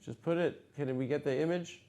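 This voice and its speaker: A man hosting a comedy podcast, talking in excitable, profane, rambling riffs. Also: on the high side, brisk. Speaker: host. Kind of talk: casual comedic podcast chat.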